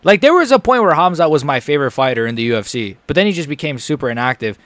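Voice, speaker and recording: A man's voice: on the high side, animated, fast talker, a bit bright, no room sound. Young guy streaming a fight, super nervous, mumbles then yelps, dead dry close mic. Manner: nervous, rambling, swings from mutters to yelps. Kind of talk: live fight reaction stream.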